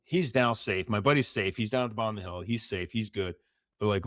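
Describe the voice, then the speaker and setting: A man's voice: on the low side, quick pace, a bit bright, dry recording, studio quality. A middle-aged man, a former Navy SEAL, vividly retelling a story in an interview and acting out the dialogue.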